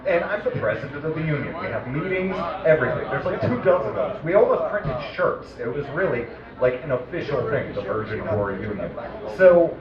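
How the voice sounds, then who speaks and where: A man telling a story in a stand-up comedy set at an open mic, halting and rambling with many fillers. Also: a little high. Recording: echoey room from far off, muffled. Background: audience laughter.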